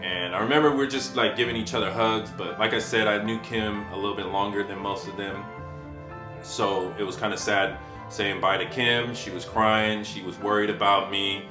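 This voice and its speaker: A man telling his own story in casual, slangy talk, unhurried and reflective, with frequent swearing. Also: lowish voice, fairly even intonation. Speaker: storyteller recounting his past. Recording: echoey room with faint guitar music. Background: faint guitar music.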